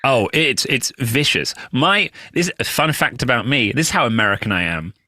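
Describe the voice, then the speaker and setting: British comedian guest, bright and animated storyteller, dry close mic. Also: male voice, mid-range voice, normal speed, dry recording. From United Kingdom. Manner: animated storyteller who acts out quoted voices. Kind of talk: casual podcast chat.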